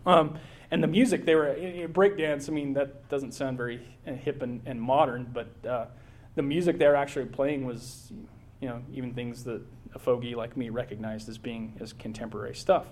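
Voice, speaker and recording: A middle-aged American man narrates his travel slides in a relaxed, wandering way. He stumbles through restarts and fillers as he goes. His voice sits at an ordinary middle pitch. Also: moderate pace, a little hiss or hum. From United States. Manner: rambling, with many fillers and restarts. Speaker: presenter giving a slide talk. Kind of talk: casual travel slideshow talk.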